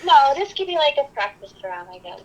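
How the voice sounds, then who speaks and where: A woman's voice: high-pitched, sing-song, brisk, poor audio. A woman chatting as a guest on a podcast, giggly and agreeable, easily amused. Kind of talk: casual chat. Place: Texas.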